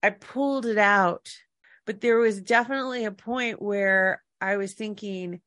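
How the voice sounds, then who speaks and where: A woman's voice: mid-range voice, steady tone, unhurried, fairly bright tone, no room sound, studio quality. A woman co-hosting a podcast, telling a casual, rambling anecdote with restarts and self-corrections. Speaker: podcast co-host. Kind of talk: casual storytelling chat.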